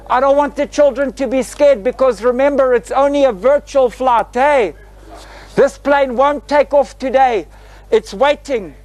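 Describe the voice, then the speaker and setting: A South African man in his sixties, a retired flight attendant guiding a group through a parked airliner in a lively, theatrical way, tagging his lines with "eh?". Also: very high-pitched, unhurried, no echo, poor audio. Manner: lively, theatrical, tag questions like "eh?". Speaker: tour guide. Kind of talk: guided tour talk to a group. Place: inside a parked airliner cabin.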